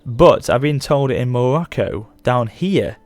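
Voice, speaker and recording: A thirty-something man hosting a gaming channel delivers casual, rambling let's play commentary, chatty and prone to self-corrections mid-sentence. His mid-range voice is a little mellow, with lively intonation and a measured pace, and there's no echo.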